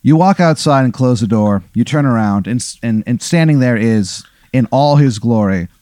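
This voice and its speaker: A man's voice: mid-range voice, moderate pace, no room sound. A young man running an improvised comic scenario as game master, casual and profane. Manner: casual, swears a lot, animated retelling. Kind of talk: improvised comedic storytelling.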